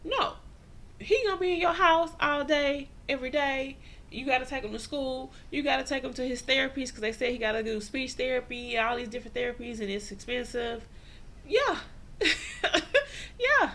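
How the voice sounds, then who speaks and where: A woman's voice: high voice, sharp tone. A woman giving a casual, slangy TV recap, acting out the characters' lines and laughing often. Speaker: TV recap vlogger.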